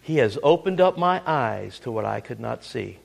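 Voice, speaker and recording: A middle-aged man preaching a sermon, keeps prompting listeners with "listen" and "ready?", swinging dramatically between booming lines and hushed asides. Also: expressive, normal speed, creaky.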